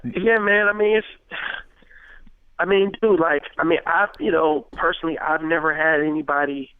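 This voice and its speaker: A man's voice: a little high, smooth, no echo. Brief: male rapper, 30s, loose talk full of fillers, dry, lo-fi phone-band sound. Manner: animated, acts out quoted dialogue, many fillers. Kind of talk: casual interview talk. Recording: tinny phone-like radio sound.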